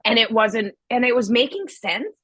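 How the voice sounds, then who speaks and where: A woman's voice: on the high side, normal speed, dry recording, rough recording. Woman co-host, candid storyteller, slightly stuffy from a cold, dry mic. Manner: candid, animated storytelling with acted-out quotes. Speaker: podcast co-host. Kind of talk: casual chat.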